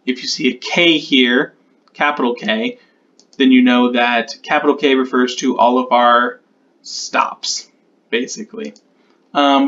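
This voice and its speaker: A man's voice: a little high, a bit bright, highs cut off. Man thinking aloud over keyboard clicks. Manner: muses aloud, repeats test words, slows down while typing. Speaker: conlang creator. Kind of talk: screen-recorded tutorial, thinking aloud.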